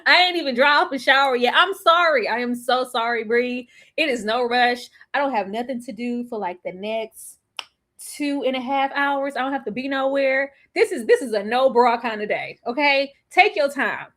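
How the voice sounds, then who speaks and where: A young woman hosting a casual live show about a TV series, chatty and quick to laugh. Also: high-pitched, lively intonation, sharp tone. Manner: chatty, laughs often, drawls phrases, slips into playful quoted voices. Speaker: TV recap vlogger. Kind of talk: casual chat to a live audience.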